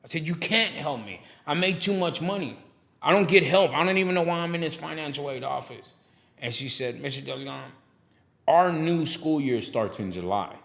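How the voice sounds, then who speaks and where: A man's voice: fairly high pitch, moderate pace, gravelly. A middle-aged man, a guest telling stories on a casual podcast and acting out the people he quotes. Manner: animated storyteller who acts out quoted people. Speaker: guest, barbershop owner and pastor.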